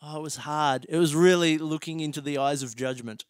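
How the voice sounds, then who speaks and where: A man's voice: a little high, a little fast, clear, resonant tone. A man chatting casually as a podcast co-host, telling a story and laughing through it. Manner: animated, laughs through his own story.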